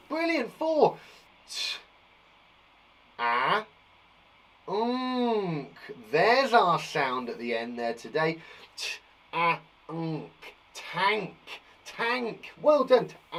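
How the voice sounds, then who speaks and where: A man teaching young children a live phonics lesson, encouraging them warmly and sounding out letters slowly. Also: high voice, big pitch swings, poor audio. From England. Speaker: primary school teacher.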